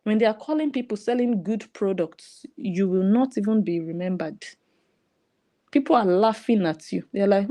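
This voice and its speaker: A woman's voice: medium pitch, animated, fairly quick, mellow. A woman with a Nigerian English accent, giving sarcastic, scolding commentary. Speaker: online commentator. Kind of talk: ranting commentary.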